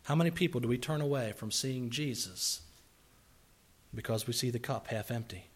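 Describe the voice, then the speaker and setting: Here a preacher with a husky, mid-range voice talks at a normal pace, impersonating grumblers and asking rhetorical questions. His sermon alternates between quiet asides and loud eruptions.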